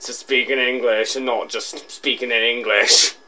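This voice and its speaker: A man's voice: medium pitch, flat delivery, moderate pace, sharp tone, a little hiss or hum. A young man giving rambling, self-mocking reaction commentary on his old video.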